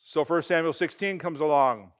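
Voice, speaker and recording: A man, a pastor, giving a conversational sermon and retelling events in everyday, animated talk. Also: on the high side, normal speed, clean tone.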